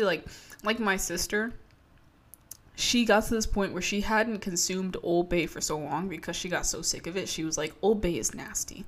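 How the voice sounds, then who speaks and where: Animated, foul-mouthed young woman vlogger. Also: lowish voice. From Maryland, USA. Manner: animated, profane, rambling. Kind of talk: casual reaction chat to an article.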